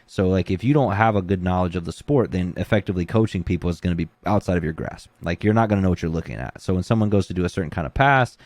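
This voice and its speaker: A man's voice: low voice, fast, few pauses, no echo. A man who coaches jiu-jitsu, talking casually and acting out the things people say to him. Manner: animated, acts out quoted voices. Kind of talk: casual podcast talk.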